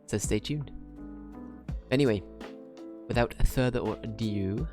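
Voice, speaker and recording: A man's voice: mid-range voice, unhurried. A man streaming a game, chatting casually to his viewers, rambling and laughing at his own slips as he corrects himself. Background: background music.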